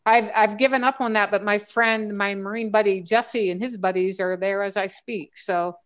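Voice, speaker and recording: A woman's voice: mid-range voice, fairly even intonation, moderate pace. A woman guest on a casual group chat, talking in long rambling stretches with frequent restarts and fillers. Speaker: guest treasure hunter.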